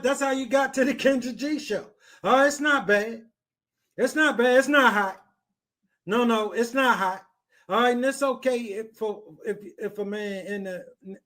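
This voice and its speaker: A man with a notably high-pitched voice delivers profane reaction commentary. He is blunt and mocking, and he hammers his points by repeating them. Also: fairly bright tone. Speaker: reaction podcast host.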